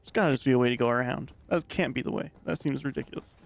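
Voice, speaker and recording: A man's voice: mid-range voice, rapid-fire, gravelly. A man in casual gaming chat, laid-back and laughing easily while giving backseat directions to the player. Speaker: co-commentator on a game playthrough.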